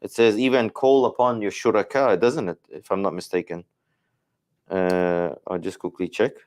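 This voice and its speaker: Male Quran teacher, lowish voice, musing and self-correcting in a study discussion. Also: fairly even intonation, normal speed, darkish tone. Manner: thinking aloud, hedging and self-correcting.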